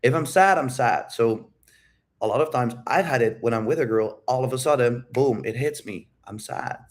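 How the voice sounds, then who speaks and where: A man with a mid-range voice and moderate pace coaches on dating in a casual livestream Q&A. He speaks bluntly with lots of swearing, repeats his key phrases and asks viewers directly whether they follow.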